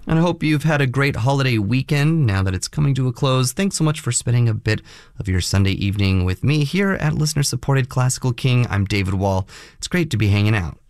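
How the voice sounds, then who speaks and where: A male classical radio host speaks in an easy, conversational announcer's manner. His voice sits at an ordinary middle pitch. The studio sound is close and completely dry. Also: animated, fairly quick, a little mellow, smooth, no echo. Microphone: studio microphone.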